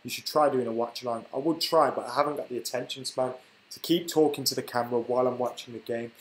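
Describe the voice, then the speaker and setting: A man's voice: mid-range voice, fairly even intonation, fast talker, reverberant, poor audio. A young man hosting a football live stream, chatting casually and reading out viewer comments while he has the hiccups. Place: room at home.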